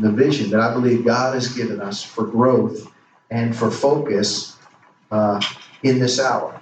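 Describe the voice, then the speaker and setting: A man's voice: medium pitch, slight background noise. A man preaching a sermon as pastor, questioning the congregation and drawing answers back in call-and-response. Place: church sanctuary. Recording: roomy echo, distant mic, faint ambience.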